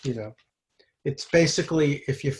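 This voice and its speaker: A man in his sixties, from New York, sharing his recovery story at a twelve-step meeting over a video call, moving from a halting read-out timeline into loose, candid talk. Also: on the high side, slight background noise. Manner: halting, reads terse timeline then talks freely. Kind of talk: personal recovery share. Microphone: video call mic.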